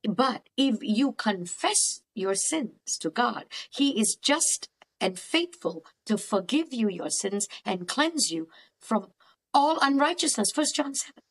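High-voiced animated woman therapist. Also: slow pace, husky. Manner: animated, emphatic, acts out quoted dialogues. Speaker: cognitive therapist, podcast guest. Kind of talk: faith-based counselling conversation.

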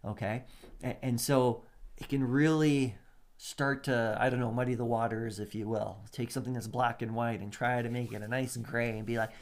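A man's voice: mid-range voice, fairly even intonation, normal speed. A man preaching a sermon in a conversational way, with frequent laughs, asides and voiced-out quotes. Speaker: pastor.

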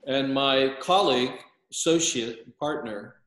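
A man's voice: medium pitch, slow, a bit bright, reverberant, rough recording. An older man explaining at length as an interview guest, hesitant, with frequent filler sounds and restarts. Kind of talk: lecturing explanation.

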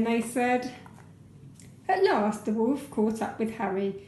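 A woman teacher reading a storybook aloud for children in a gentle, expressive voice. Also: fairly high pitch, slow pace, reverberant, a little hiss or hum, rough recording.

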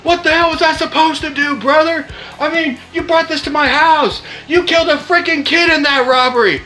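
A man putting on the voice of an adult male friend who yells at him in exasperation. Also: very high-pitched, fairly even intonation, unhurried, soft background music, pitched above the performer's own voice. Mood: furious yelling. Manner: yelling, exasperated.

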